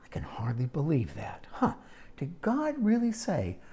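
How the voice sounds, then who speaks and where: A woman's voice: deep voice, very animated, normal speed, a little mellow, slightly rough, full character voice. A woman voicing a crafty, seductive serpent in a mocking whisper, within a sermon. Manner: hissing whisper, mocking disbelief.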